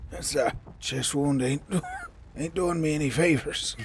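Give me a player voicing a wounded old man, drawling slowly, coughing and chuckling weakly. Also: medium pitch, slight background noise. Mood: pained humor. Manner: wheezing laughs and coughs between words.

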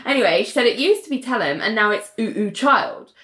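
A woman's voice: fairly high pitch, fairly quick. Woman retelling a show scene, does all the voices, lots of up and down, echoey room. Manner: animated, acts out scenes in voices. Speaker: podcast co-host recapping a TV show. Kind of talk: casual chat.

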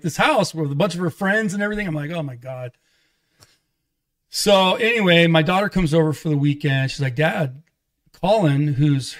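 A man telling his life story to an interviewer in a lively, conversational way, acting out the voices of the people he quotes. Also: a little high. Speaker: pastor and guest. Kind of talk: conversational testimony.

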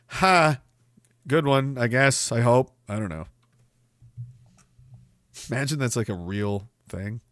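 A man's voice: mid-range voice, slow pace, long pauses, fairly bright tone, no echo, clean studio sound. A man from Canada hosting a livestream, reading chat messages and ranting sarcastically with plenty of swearing. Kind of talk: casual live-stream talk.

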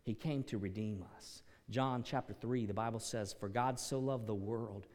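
A man's voice: lowish voice, normal speed. Preaching man in a reverberant hall. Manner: dramatic, swings from quiet to shouted peaks. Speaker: pastor. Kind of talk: sermon.

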